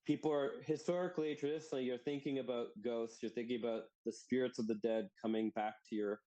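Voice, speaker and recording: A man's voice: medium pitch, quick pace, rough recording. Male podcast co-host, easygoing, meandering delivery full of fillers. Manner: relaxed, rambling with many fillers. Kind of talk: casual chat.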